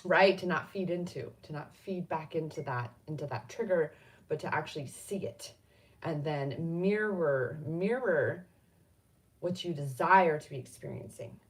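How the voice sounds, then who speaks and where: A middle-aged woman hosts a relaxed card reading, her voice lowish and talky. She rambles freely and breaks into lively bursts. She sits back from the mic, so she sounds a bit distant. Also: unhurried. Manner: rambling and spontaneous, with sudden animated bursts. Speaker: spiritual card reader and host. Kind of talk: casual live card-reading chat.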